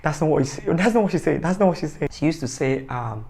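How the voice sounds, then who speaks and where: A man's voice: a little high, animated, quick pace, gravelly, a crowd in the background. A man giving a casual, rambling, joking review of a TV series, often correcting himself. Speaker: TV show reviewer.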